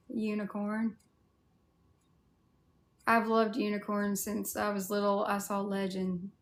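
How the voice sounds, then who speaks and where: A cosplay livestreamer with a Southern US accent chats casually, answering viewer comments candidly and swearing a little. Her medium-pitched voice is creaky and a bit bright.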